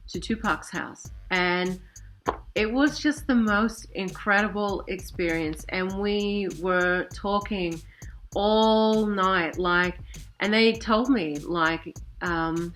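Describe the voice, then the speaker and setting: A woman's voice: on the low side, slow, fairly bright tone, a little hiss or hum. A woman in her forties telling a personal story casually, rambling with many fillers and asides. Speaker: vlogger.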